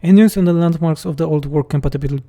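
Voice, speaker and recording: A man's voice: a little high, fast, dark tone. A man from Poland with a Polish accent, a game mod developer reading chat questions aloud and answering them bluntly and jokingly on a livestream.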